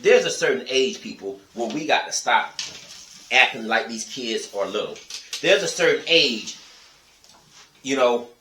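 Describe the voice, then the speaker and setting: A man's voice: mid-range voice, animated, a little slow, long pauses, sharp tone, echoey room, recorded from a distance, a little hiss or hum, rough recording. A man telling stories and ranting to his viewers in a blunt, profane, emphatic way. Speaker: vlogger. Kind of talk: casual storytelling monologue.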